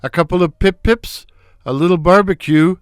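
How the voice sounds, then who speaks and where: A man voicing a brash, crude, wisecracking male slapstick comic with a loud foghorn voice in a read-aloud story. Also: high voice, moderate pace, clean tone, dry recording, studio quality, close to an everyday voice. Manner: wisecracking, boisterous. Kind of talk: storybook character voice.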